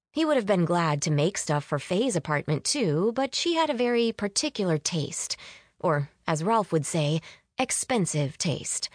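A woman reading a novel aloud in a measured, even storytelling manner, on a close mic. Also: lowish voice, no room sound. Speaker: audiobook narrator. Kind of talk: scripted narration.

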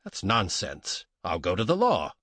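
A man's voice: fairly low pitch, huge pitch swings, unhurried, a bit bright, slightly rough, no room sound, exaggerated voice. Man playing a stiff, proper greenhorn settler. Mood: stubborn.

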